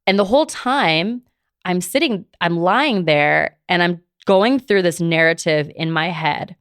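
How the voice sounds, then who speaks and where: A woman's voice: fairly low pitch, measured pace, fairly bright tone, no echo, studio quality. A woman in her thirties, a podcast host, telling a personal story in a confessional way, filling her speech with "like". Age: 30s. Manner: confessional, heavy use of "like".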